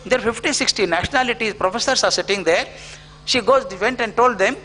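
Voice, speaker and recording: A man's voice: sits high, lively intonation, fairly quick, bright, forceful tone, a little hiss or hum. A middle-aged man with an Indian English accent giving a motivational storytelling lecture, acting out the dialogue in his stories. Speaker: educator giving a guest lecture. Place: auditorium.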